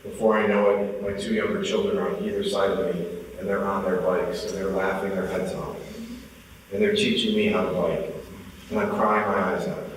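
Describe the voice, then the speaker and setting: A man's voice: low voice, moderate pace, far from the mic, a little hiss or hum. Man speaking in an echoey hall. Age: 40s. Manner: animated storyteller acting out dialogue. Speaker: motivational speaker. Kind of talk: storytelling keynote talk.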